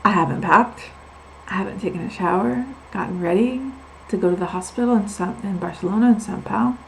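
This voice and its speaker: A woman with a gravelly, creaky voice confides her own story to the camera. She talks candidly, leaning on repeated words for emphasis. She wanders onto side tangents before pulling back to the point. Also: medium pitch, brisk, a little hiss or hum, low-quality recording. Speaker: vlogger sharing her medical experience. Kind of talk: personal storytelling vlog.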